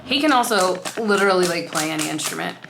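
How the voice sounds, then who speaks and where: A woman's voice: on the low side, animated, fast talker. A woman vlogger chatting casually and telling stories with lots of fillers. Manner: chatty storytelling with laughs and fillers. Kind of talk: casual chat. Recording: echoey room, faint noise.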